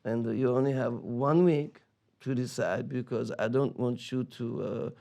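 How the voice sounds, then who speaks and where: A man quoting a formal, polite official from a festival in a slow, measured way. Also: medium pitch, fairly even intonation, creaky, warm tone.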